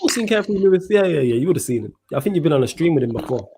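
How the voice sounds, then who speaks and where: A young man, co-hosting a football watchalong in casual chat, slangy and excitable, swearing freely. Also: fairly high pitch, rapid-fire, slight background noise. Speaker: watchalong co-host.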